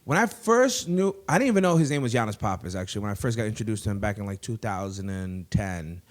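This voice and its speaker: A man's voice: on the low side, animated, fast talker. A man hosting a comedy podcast in a studio, chatting casually with lots of rambling, laughter and crude asides.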